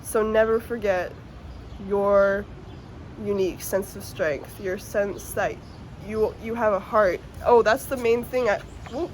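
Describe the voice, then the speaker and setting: A woman's voice: medium pitch, fairly even intonation, a little slow, darkish tone, slight background noise. A woman giving a casual, emotional tarot reading to her viewers, earnest and swearing now and then, at times close to tears. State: tearful at times. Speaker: tarot reader.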